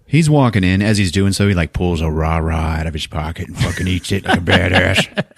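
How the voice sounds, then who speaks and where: A man's voice: deep voice, normal speed, no room sound, clean studio sound. A man hosting a podcast, recapping a film in casual chat and acting out the quotes with lots of swearing. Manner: animated retelling with acted-out quotes, swearing. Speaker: podcast host.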